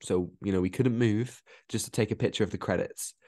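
A man with a lowish voice talks at a fast clip, recorded close and dry with no room sound. He co-hosts a casual film podcast, chatting easily, laughing often and trailing into restarts. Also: mellow, no room sound. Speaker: podcast co-host. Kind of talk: casual film review chat.

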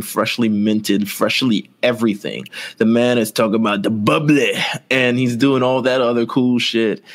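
A man co-hosting a wrestling podcast in casual chat, rambling and filling with "like" and "you know". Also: medium pitch. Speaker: podcast co-host.

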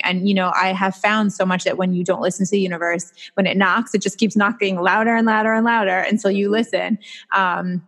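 A woman's voice: mid-range voice, fairly quick, a bit bright. A woman hosting an interview, enthusiastic and chatty, sharing her own stories. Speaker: podcast host. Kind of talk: conversational interview.

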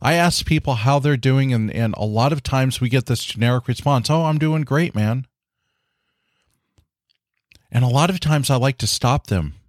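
A podcast host with a medium-pitched voice talks fairly quickly, barely pausing, in a clean studio recording without room sound. His solo chat is casual, earnest and encouraging, and packed with fillers like "you know."

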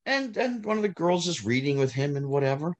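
A middle-aged man, telling stories in a casual interview, animated, climbing high when heated and trailing off low. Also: a little fast, lo-fi sound. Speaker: guest, former child actor.

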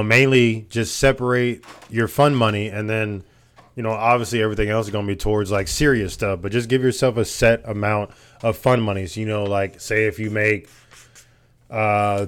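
A man's voice: on the low side, clean tone. Young man, podcast co-host, casual advice, rambling, fillers, teasing.

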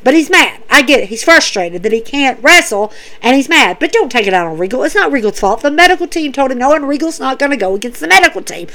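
A woman casually recapping wrestling events, animated, dropping her voice to act out what the wrestlers say. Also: fast, hardly any pauses. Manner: animated, acts out wrestlers' lines in a lowered voice.

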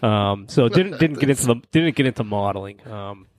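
A man hosting a casual hobby podcast, talking in a relaxed way with plenty of fillers. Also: mid-range voice, a little fast, dry recording. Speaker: podcast host. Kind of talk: casual chat.

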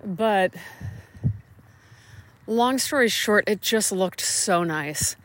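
A woman's voice: mid-range voice, animated, extremely slow, a bit bright. A woman hosting a casual solo podcast from a small room at home, rambling and self-deprecating, a little stuffy from allergies. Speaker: podcast host.

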